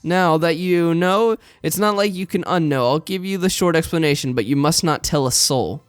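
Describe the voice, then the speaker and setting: A man's voice: fairly high pitch, moderate pace, clean tone, no echo, studio quality, soft background music, lightly acted. A man voicing a grandiose young self-styled mad scientist, reading game dialogue aloud with theatrical, pompous declarations.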